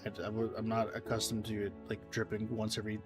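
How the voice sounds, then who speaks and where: A man's voice: on the low side, completely flat delivery, quick pace, over loud music. Rambling male gaming streamer. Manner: rambling, self-deprecating, reading chat. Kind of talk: casual gameplay commentary.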